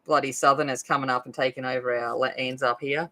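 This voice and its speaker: A woman's voice: rumbling low, fairly even intonation, a little fast, pushed and bright, poor audio. An Australian woman chatting casually as she colors on her coloring video, rambling with lots of fillers. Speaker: adult coloring video host. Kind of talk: casual chat while coloring.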